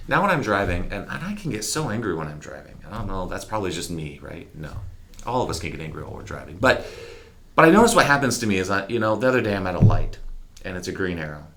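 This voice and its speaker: A man speaking as an interview guest, telling candid, animated personal stories in a reflective conversational way. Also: low-pitched, fast talker, creaky, slight background noise. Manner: candid, animated, mimics horn sounds.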